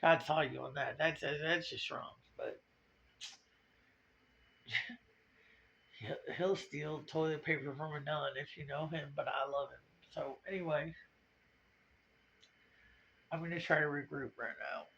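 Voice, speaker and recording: A woman's voice: steady tone, slow, creaky, long pauses, fairly bright tone. A tearful woman vlogging confessionally, blunt, profane and rambling. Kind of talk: confessional vlog. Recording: lo-fi low-quality video recording.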